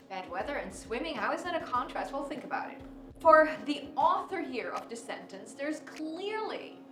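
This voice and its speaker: A woman with a high voice teaches a test-prep lesson, walking through each example step by step and slowing down to read sentences aloud. She sounds a little distant from the mic in a roomy space, with faint music underneath. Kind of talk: recorded video lesson.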